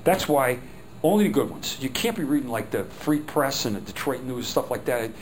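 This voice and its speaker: A man's voice: mid-range voice, expressive, moderate pace, rough recording. Middle-aged man, mid-range voice, rambling workshop trainer, light hum behind. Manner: rambling, chatty, acts out quotes. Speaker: phone skills trainer. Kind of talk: workshop teaching.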